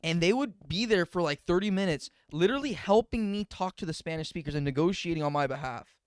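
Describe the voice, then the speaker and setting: A man's voice: high-pitched, expressive, quick pace, clean tone, dry recording, clean studio sound. Easygoing man co-hosting a podcast. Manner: easygoing, says dude a lot. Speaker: podcast co-host. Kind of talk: casual podcast chat.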